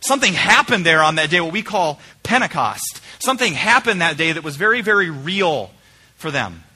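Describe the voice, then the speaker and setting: A male pastor preaching a conversational sermon in a church, swinging between emphatic points and quiet, searching questions. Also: a little high, big pitch swings, moderate pace, breathy edge. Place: church sanctuary.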